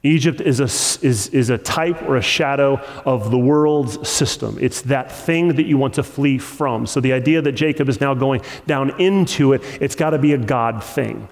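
A man's voice: medium pitch, moderate pace, hardly any pauses. A man preaching a sermon as pastor, earnest and repeating phrases to press his point home. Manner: earnest, with repetition for emphasis and rising intensity. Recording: long hall reverb.

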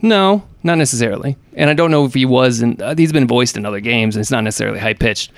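A man's voice: medium pitch, fast talker, no room sound. A man co-hosting a podcast, chatting casually about gaming news in a rambling, hesitant way full of fillers and restarts. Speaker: podcast co-host.

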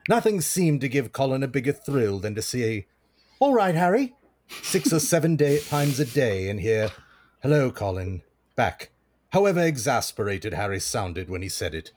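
A man's voice: mid-range voice, very animated, moderate pace, a little mellow, voice pushed up. A man putting on a posh British accent to read a children's novel aloud. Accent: posh British (put on).

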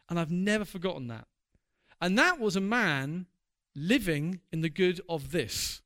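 A man's voice: sits high, expressive, moderate pace, a bit bright. A man preaching a sermon as a church pastor, earnest and building to passionate emphasis.

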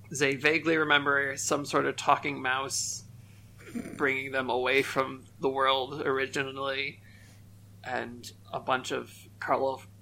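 A man's voice: medium pitch, vocal fry, bright, forceful tone, slight background noise. A man playing in a tabletop game podcast, talking in a hesitant, laid back way. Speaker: player.

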